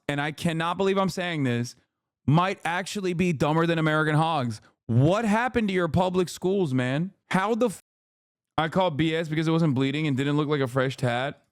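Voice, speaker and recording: A man's voice: on the high side, clear, resonant tone, dry recording, studio quality. A man streaming, reacting to news clips in casual, blunt, slangy commentary. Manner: blunt, profane, slangy, lectures chat.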